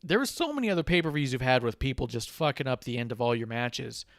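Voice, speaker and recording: A man's voice: medium pitch, quick pace, no room sound, clean studio sound. A man co-hosting a casual wrestling podcast, retelling events and acting out what people said. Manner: animated storyteller, mimics people mid-story. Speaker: podcast co-host.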